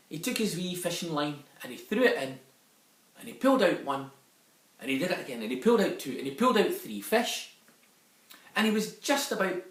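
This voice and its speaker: Scottish guy reading a kids story, fairly high voice, echoey room, sits back from the mic. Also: fairly bright tone, far from the mic. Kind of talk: storytelling for children.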